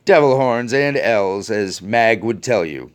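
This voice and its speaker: An angry man rants to his viewers, swearing and sneering with heavy sarcasm. He talks at an unhurried, drawn-out pace. His pitch swings widely from low mutters to sharp, high jabs. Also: expressive, smooth. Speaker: video host. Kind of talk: ranting commentary to viewers.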